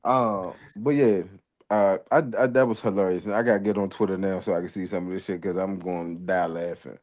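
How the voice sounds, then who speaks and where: A man co-hosting a casual wrestling podcast, talking in a laid-back, halting way with many fillers. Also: deep voice, fairly even intonation, darkish tone. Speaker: podcast co-host.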